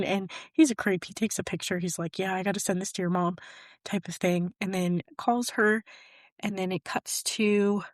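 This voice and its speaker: A woman's voice: medium pitch, dry recording, clean studio sound. A young adult woman hosting a podcast, casually recapping a film in a chatty way full of fillers. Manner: chatty, leans on fillers like "basically" and "type of thing". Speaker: podcast host.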